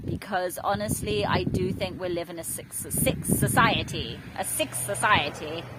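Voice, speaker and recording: A woman's voice: fairly low pitch, measured pace. Chatty woman by a busy road. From England. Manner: rambling, chatty and self-mocking. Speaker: vlogger. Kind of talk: casual vlog talk to camera. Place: outdoors beside a main road. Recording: loud road noise outdoors. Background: loud traffic noise.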